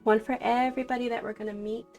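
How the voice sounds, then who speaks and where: Chatty woman streamer with gravelly voice. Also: fairly high pitch, flat delivery, fast, faint music behind. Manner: chatty, greets viewers warmly by name, laughs often. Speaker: streamer doing card readings. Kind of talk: casual live-stream chat.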